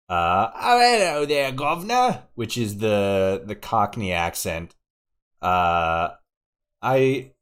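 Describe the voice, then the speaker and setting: A young man from Oregon streaming a game, chatting casually, swearing and laughing often. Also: low voice. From Oregon, USA. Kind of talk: casual live-stream chat while playing.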